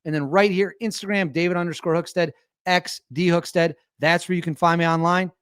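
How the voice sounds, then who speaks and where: A man's voice: a little high, fairly even intonation, brisk, fairly bright tone, smooth, no room sound, studio quality. Mocking, incredulous male commentator. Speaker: commentary host. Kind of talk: opinionated commentary.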